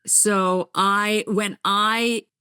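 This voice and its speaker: A middle-aged woman from New Jersey with a light New Jersey accent, a journalist telling stories as a podcast guest, animated and self-deprecating. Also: medium pitch, drawn-out words, clear, resonant tone, no echo, studio quality. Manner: animated storyteller, acts out voices, self-deprecating. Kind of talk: candid conversational interview.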